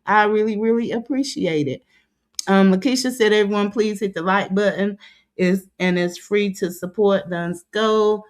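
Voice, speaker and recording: Chatty woman greeting her livestream viewers. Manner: chatty, drawn-out greetings, drops low when reading comments aloud. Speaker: livestream host.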